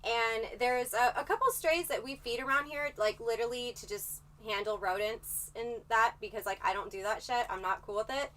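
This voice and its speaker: A woman's voice: fairly high pitch, moderate pace, few pauses, far from the mic. A woman livestreaming in a casual chat, rambling and swearing freely as she tells her story. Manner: profane, rambling, animated storytelling.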